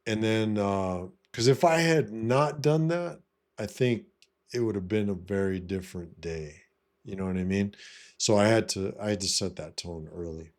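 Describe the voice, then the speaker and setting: A man's voice: fairly low pitch, expressive, moderate pace, darkish tone. A man talking casually to camera, blunt and profane, who keeps saying "you know what I mean". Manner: blunt, swaggering. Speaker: vlogger giving life advice. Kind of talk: casual monologue.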